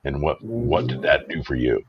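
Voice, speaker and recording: A man hosting an interview, asking admiring questions in a lively way. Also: extremely low pitch, moderate pace, breathy edge, no room sound. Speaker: host. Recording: dull distant mic with faint noise.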